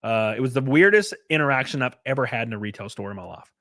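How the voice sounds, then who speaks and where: A man's voice: mid-range voice, expressive, quick pace, bright, forceful tone, no echo, clean studio sound. Profane, laid-back male streamer. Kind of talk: casual livestream chat.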